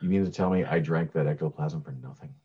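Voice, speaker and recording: A man's voice: very deep voice, fast, slightly rough, lo-fi sound. A man co-hosting a podcast, chatting casually about a horror movie with an easygoing, joking manner. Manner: joking, easygoing, laughs often. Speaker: podcast co-host.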